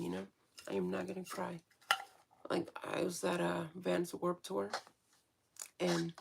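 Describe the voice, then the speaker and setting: A woman's voice: lowish voice, vocal fry, a bit bright, slight background noise. A woman vlogger talking frankly in a casual, rambling monologue, swearing freely and restarting often.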